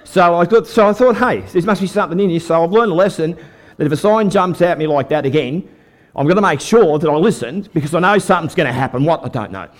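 Fast and fairly high in pitch, this older Australian man preaches a testimony sermon to a live church crowd with faint music behind him. His folksy storytelling about faith keeps the audience engaged.

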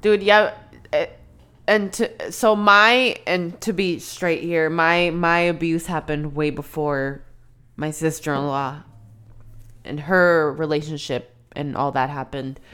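A woman co-hosts a casual podcast, backing up her friend with blunt, slangy remarks. Her voice sits very low for a woman. It is smooth and clear. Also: steady tone, slow, fairly bright tone. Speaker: podcast co-host. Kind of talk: casual chat.

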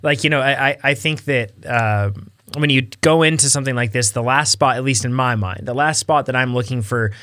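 A man's voice: medium pitch, fairly quick, pushed and bright, dry recording. Male podcast host, mid-range voice, dry studio sound, easygoing and conversational. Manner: casual, reads listener questions aloud. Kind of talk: podcast discussion.

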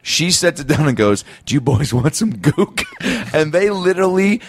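A man's voice: on the high side, expressive, fairly quick, very noisy. A man hosting a podcast who talks in loose, rambling sentences and laughs often. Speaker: podcast host. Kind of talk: casual podcast chat.

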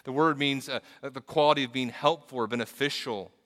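Bright-voiced man preaching in a reverberant hall. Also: mid-range voice, brisk. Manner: earnest, storytelling, frequent restarts and repeated words. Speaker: pastor. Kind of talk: sermon. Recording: long reverb of a large hall.

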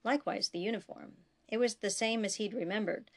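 Woman narrating her own story, gravelly voice. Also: mid-range voice, a little fast. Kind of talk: audiobook narration.

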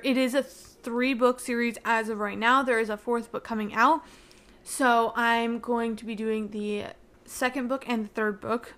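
Her voice is a bit bright and on the high side as this young woman, hosting her own podcast, gushes about a book. The recap rambles and is full of "like."

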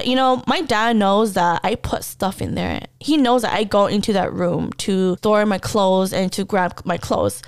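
A young woman hosting a podcast, telling a personal story in a blunt, profane and animated way. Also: medium pitch, clear, resonant tone, no room sound. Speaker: podcast host. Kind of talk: casual storytelling monologue.

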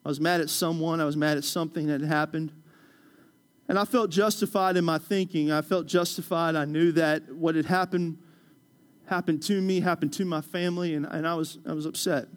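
A pastor preaching with a notably high-pitched voice. He talks to the congregation like a friend, mixing stories and jokes into the sermon. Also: steady tone, fairly quick. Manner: conversational, storytelling, joking with the congregation.

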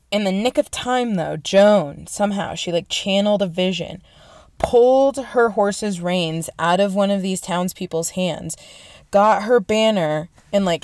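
A young adult woman retelling history in a casual, excitable way, swearing often and saying "like" and "right?" a lot. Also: medium pitch, no room sound, clean studio sound. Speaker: storyteller.

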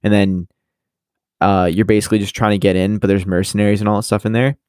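A young man talking casually, his voice on the low side and recorded dry and close. He rambles with lots of fillers and acts out characters' lines as he talks. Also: flat delivery, quick pace, a little mellow, dry recording. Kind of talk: casual chat.

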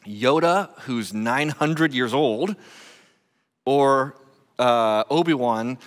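Joking pastor in an echoey hall. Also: male voice, mid-range voice, fairly bright tone. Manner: conversational and joking, with frequent uh fillers. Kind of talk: sermon. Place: church sanctuary.

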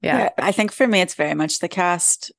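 A woman's voice: lowish voice, expressive, normal speed, creaky, no room sound, studio quality. A young woman co-hosting a podcast, chatting with casual enthusiasm. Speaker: podcast co-host. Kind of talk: casual chat.

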